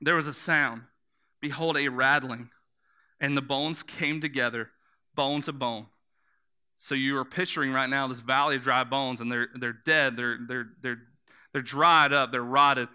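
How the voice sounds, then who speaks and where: A man's voice: mid-range voice, fairly even intonation, unhurried, pushed and bright, clear, resonant tone. A man preaching a sermon, telling the story in vivid images, repeating words for emphasis and asking the listeners to close their eyes and imagine.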